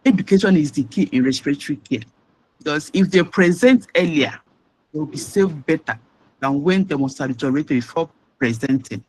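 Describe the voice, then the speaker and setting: A man lecturing on respiratory pharmacology, in a halting way with restarts and key words stressed. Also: fairly high pitch, animated, darkish tone, low-quality recording.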